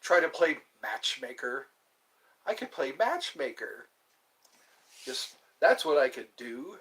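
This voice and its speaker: A man chatting alone on a livestream, rambling slowly from thought to thought with the odd laugh. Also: mid-range voice, very animated, a bit bright. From US East Coast. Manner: slow, meandering, talks to himself, laughs. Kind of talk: rambling solo livestream chat.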